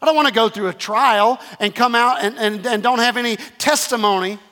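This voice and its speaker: A man's voice: extremely high pitch, a little fast, a bit bright, long reverb tail. A man preaching a sermon, repeating phrases emphatically and calling the congregation to respond. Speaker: pastor.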